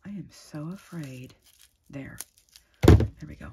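A middle-aged woman, chatting casually and gushing excitedly as she opens craft mail at home. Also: sits low, slow, gravelly, very noisy. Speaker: crafting vlogger. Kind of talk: casual unboxing chat.

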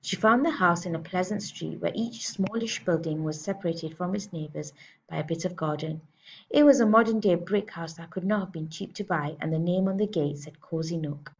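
A woman teacher reading a children's novel aloud with clear, expressive narration. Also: on the low side, moderate pace, lo-fi sound. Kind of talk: storybook read-aloud.

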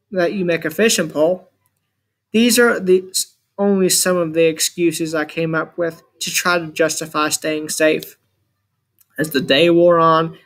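A man reading a first-person adventure story aloud as an audiobook narrator, with measured, dramatic storytelling. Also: on the high side, a bit bright.

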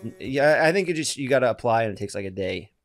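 A man's voice: medium pitch, expressive, fast, soft background music. A man hosting a podcast in a loose, profane, casual chat full of fillers. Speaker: podcast host.

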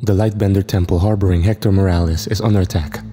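A man voicing a male angel messenger who reports news in a brisk, matter-of-fact way. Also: deep voice, fairly even intonation, natural voice. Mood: urgent. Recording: reverb with faint music.

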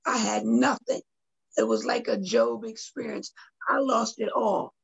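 A woman's voice: on the high side, measured pace, creaky, breathy edge, lo-fi sound. A middle-aged woman, a guest artist and poet, earnestly telling a personal story on a video call and speaking directly to her listeners.

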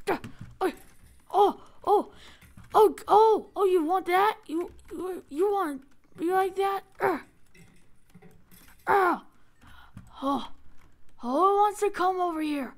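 A female gamer giving excitable live commentary on her play and talking to her viewers. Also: sits high, slow, pauses often. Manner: excitable, talks to the game and viewers. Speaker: gaming channel host.

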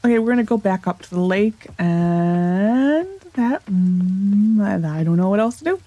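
A woman hosting a let's play, chatting casually and thinking aloud as she corrects herself, recorded on a desk microphone set a little loud. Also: mid-range voice, animated, unhurried, no room sound, muffled recording. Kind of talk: casual gameplay commentary.

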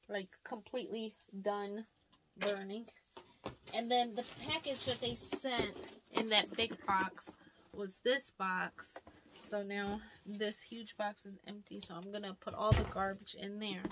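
Young woman vlogger, casual unboxing chatter, middle pitch, rambling delivery, faint background hiss. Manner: chatty, rambling, lots of "like" fillers. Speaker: beauty vlogger. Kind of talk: casual haul unboxing chat.

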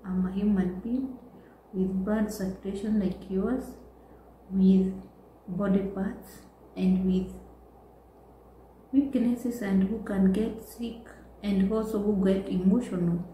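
A woman's voice: medium pitch, steady tone, slow pace, long pauses, warm tone. A young woman, earnestly telling her own story in a personal vlog. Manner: earnest, emotional, repeats exclamations. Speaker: vlogger. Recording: echoey room with faint background noise.

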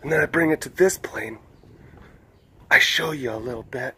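A man's voice: a little high, normal speed, gravelly, pushed and bright, slightly rough. A young man hosting a webcast, rambling casually, laughing often and poking fun at himself. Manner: meandering, laughs often, self-mocking. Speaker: webcast host.

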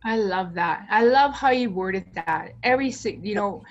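A woman's voice: medium pitch, animated, moderate pace, highs cut off. Woman host affirming her guest. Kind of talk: casual chat.

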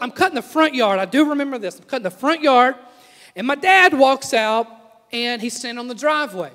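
A man in his thirties delivers a sermon in an unusually high voice, mixing humorous personal stories with playful asides to the congregation. His voice rings out in a church sanctuary with a long hall reverb behind every phrase. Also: fairly bright tone. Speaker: pastor.

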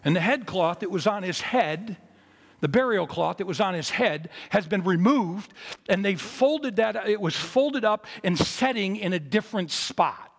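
A pastor delivers a sermon at a memorial service in a chapel, telling the story animatedly as his voice rises loud and then drops low and quiet, with big swings in pitch and volume. His voice is fairly high with a gravelly, husky grain, at a measured pace in a large hall.

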